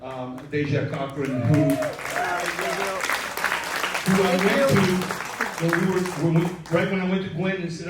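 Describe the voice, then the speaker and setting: A man's voice: high-pitched, moderate pace, pauses often, noisy background. A man telling a profane, rambling story on stage, joking with the crowd at a live storytelling event. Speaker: storyteller and show producer. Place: live event room with an audience. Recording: echoey room, mic at a distance.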